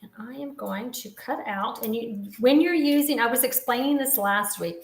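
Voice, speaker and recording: A woman's voice: a little high, normal speed, echoey room, slight background noise. A woman in her fifties casually demonstrating a papercraft project, explaining each step as she works. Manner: chatty, explains step by step while working. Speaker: papercraft instructor.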